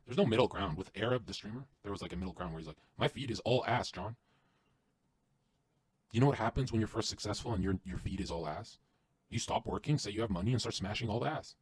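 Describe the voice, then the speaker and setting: A man guesting on a podcast, delivering an intense, profane motivational rant that swings from loud to hushed. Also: fairly low pitch, animated, racing, husky, dry recording.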